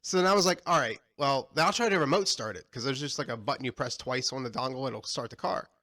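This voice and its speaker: A young adult man on a podcast, telling a frustrated story in a casual, animated and profane way. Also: medium pitch, quick pace. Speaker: podcast co-host.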